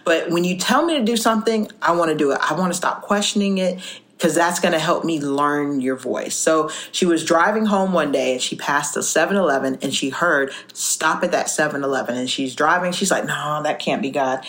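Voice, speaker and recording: A woman co-hosting a faith podcast, telling stories in a lively way and acting out the people in them. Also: deep voice, a little fast. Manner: animated storyteller, acts out quoted voices. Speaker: co-host. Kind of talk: faith podcast chat and storytelling.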